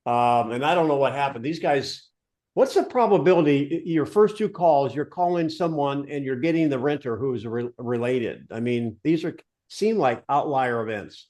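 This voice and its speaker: A man's voice: medium pitch, lively intonation, darkish tone. A man hosting a sales training session, giving brief encouraging feedback and keeping time. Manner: encouraging, brisk timekeeping. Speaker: host running the role-play session.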